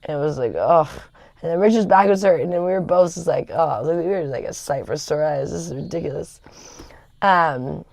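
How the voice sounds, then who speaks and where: A woman's voice: low voice, moderate pace, vocal fry, darkish tone, dry recording. A woman chatting casually on a livestream, rambling with lots of fillers and laughter. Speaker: livestream host. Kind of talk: casual chat.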